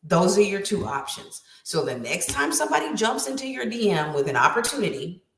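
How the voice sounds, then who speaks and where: A woman's voice: lowish voice, very animated, brisk, fairly bright tone, roomy sound, slight background noise. A woman writing coach giving an emphatic, preachy motivational talk with lots of repetition.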